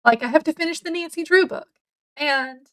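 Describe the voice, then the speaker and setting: A woman's voice: high-pitched, moderate pace, a bit bright. A woman, rambling casually to camera at home as a book vlogger, with lots of fillers. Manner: rambling, chatty, many fillers. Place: home, indoors.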